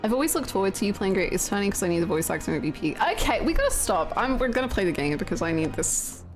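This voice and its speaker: A young British woman hosting a casual game stream, reading viewer comments in giggly, bashful, animated bursts. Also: mid-range voice, fast talker, faint music behind. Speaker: livestream host.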